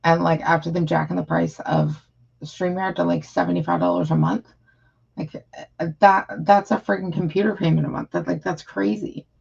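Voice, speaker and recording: A woman talks casually to her live stream viewers, her voice gravelly and husky. She rambles, frustrated, full of fillers and restarts. The audio is dull and lo-fi. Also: lowish voice, fairly even intonation, moderate pace, darkish tone.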